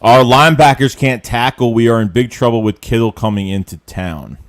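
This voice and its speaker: A man's voice: medium pitch, normal speed. A man hosting a casual sports podcast, reading viewer comments from the live chat. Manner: lively, reads viewer comments aloud.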